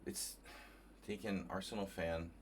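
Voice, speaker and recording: Low-voiced guy streaming chess, thinking out loud, chatting w viewers, faint room noise. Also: fairly even intonation, measured pace. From New Jersey. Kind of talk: casual live commentary while playing.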